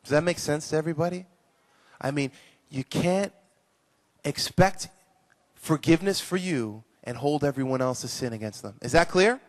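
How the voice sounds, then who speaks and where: A man teaching children at a live conference session, animated and playful, praising his young volunteers. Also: on the high side, normal speed, pauses often. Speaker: children's ministry speaker.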